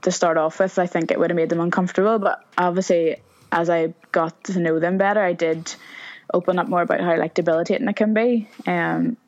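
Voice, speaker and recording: A woman's voice: fairly low pitch, fairly even intonation, fairly quick, a little mellow. A woman talking casually in an interview, thoughtful and self-deprecating with some fillers. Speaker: interview guest. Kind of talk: casual conversation. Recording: dull lo-fi sound.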